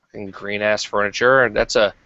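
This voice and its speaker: A low-voiced man hosting a podcast, rambling in loose profane chat full of fillers. His sound is dry and close. The audio is dull and lo-fi. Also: steady tone, brisk, sharp tone, no echo. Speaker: podcast host. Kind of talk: casual chat.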